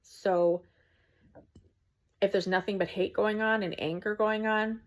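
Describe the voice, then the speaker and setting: A woman's voice: mid-range voice, fairly even intonation, a little slow. A woman, a small content creator, talking to camera from home in an earnest, preachy rant with frequent ums.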